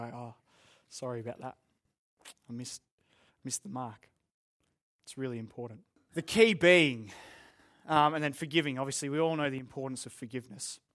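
A man's voice: mid-range voice, a bit bright. Man, Australian accent, young, pastor, sermon, earnest, self-deprecating. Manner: earnest, candid and self-deprecating, with joking asides. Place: church room with a live congregation.

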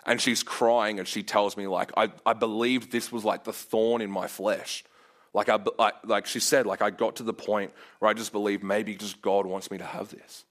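A young man preaching a sermon, telling a story casually with lots of filler words and growing animated as he acts out his own prayers. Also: fairly low pitch, moderate pace.

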